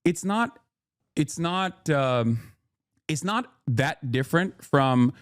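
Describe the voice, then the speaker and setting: A man's voice: fairly high pitch, animated, slow, no echo, clean studio sound. A man hosting a live stream, talking back to his chat in a casual way and moving between joking and earnest explanation, with many restarts as he thinks aloud. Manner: frequent restarts and filler while thinking aloud. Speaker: livestream host.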